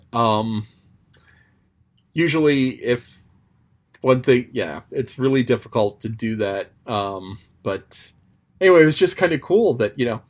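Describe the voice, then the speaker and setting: A man muses aloud at an unhurried pace in a casual, rambling chat about a chapter he read. His pitch sits in a middling range for a man, and he fills his thoughts with ums and restarts. Now and then he plays at quoting others. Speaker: host reflecting on a read-aloud book chapter. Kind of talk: casual spoken commentary.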